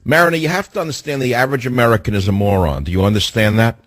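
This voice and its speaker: A man's voice: mid-range voice, racing, a bit bright. Combative talk radio host, man. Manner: combative, lecturing.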